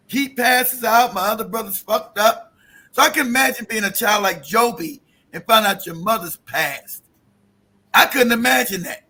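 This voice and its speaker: A man's voice: very high-pitched, bright, forceful tone. A middle-aged man telling an emotional personal story in casual talk, profane and emphatic with many restarts.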